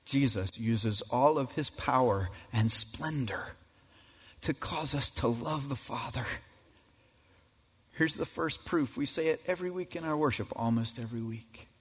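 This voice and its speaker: A man preaching a sermon as pastor, emphatic and building to loud climaxes. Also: mid-range voice, unhurried, breathy edge. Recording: reverberant hall.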